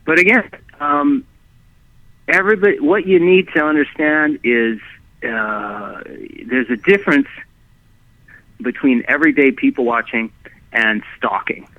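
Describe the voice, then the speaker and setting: A man telling his own story as a guest, halting and animated, with many restarts and fillers. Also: on the high side, gravelly, dry recording. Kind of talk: rambling first-person storytelling. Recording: dry tinny phone line.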